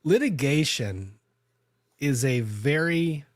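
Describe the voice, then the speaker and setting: Lawyer guy telling a story on his podcast, mid pitch, lots of restarts, dry close mic. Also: expressive, slow, no room sound. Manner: conversational, frequent restarts and self-corrections. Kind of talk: casual storytelling chat.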